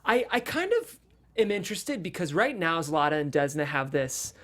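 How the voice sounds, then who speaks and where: A man's voice: a little high, sing-song, moderate pace, fairly bright tone. A man hosting a casual TV recap chat, chatty and analytical, laughing easily. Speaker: host.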